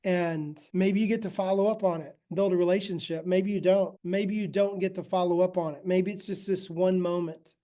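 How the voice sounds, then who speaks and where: A man's voice: high voice, steady tone, normal speed, few pauses, mellow. A man giving a casual, conversational ministry talk, often checking in with his listeners. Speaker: ministry teacher.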